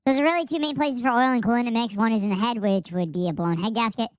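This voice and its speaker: A man speaking through a high-pitch voice changer filter, reading quickly and swearing casually. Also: clear, resonant tone, no echo, studio quality.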